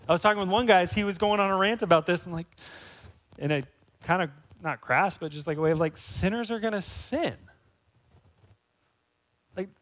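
A man preaching a sermon as pastor, speaking conversationally and rising to animated emphasis. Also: high voice.

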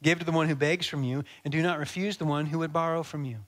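A male pastor preaching a sermon, animated and conversational, acting out little scenes. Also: on the high side, fast. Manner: animated, acts out dialogue, conversational asides.

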